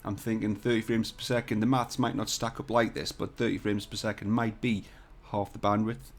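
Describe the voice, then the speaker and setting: A CAD tutorial host streams live from a hotel room, joking casually with viewers and occasionally swearing. His voice is lowish and level, his pace a little fast. He talks into a desk mic that has no shock mount or pop filter.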